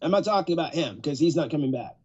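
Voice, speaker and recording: Brief: relaxed male podcast host, slightly high voice, dull lo-fi audio. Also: fast, slightly rough. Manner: laid-back, laughing, "yes sir" affirmations. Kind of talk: casual chat.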